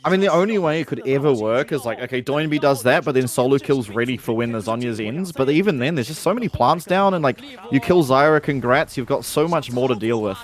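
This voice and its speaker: A male co-caster with an average-pitched voice gives color commentary. He talks in relaxed, chatty asides between plays. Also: brisk, few pauses. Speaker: esports co-caster.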